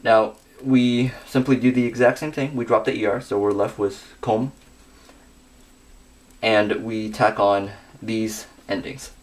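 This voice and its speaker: A young man giving a scripted grammar lesson, working through verb endings slowly and methodically. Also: on the low side, level tone. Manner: methodical, reads conjugations slowly with pauses.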